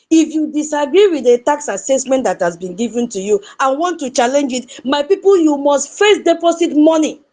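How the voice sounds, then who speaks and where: A woman's voice: high-pitched, a little mellow. A Nigerian woman giving an impassioned political commentary, repeating her points and asking her audience rhetorical questions.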